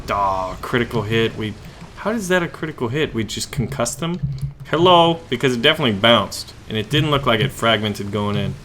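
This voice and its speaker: A man hosting his gaming channel, giving joking, excitable live commentary on his own gameplay and talking to himself and his enemies. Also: mid-range voice, brisk, slight background noise.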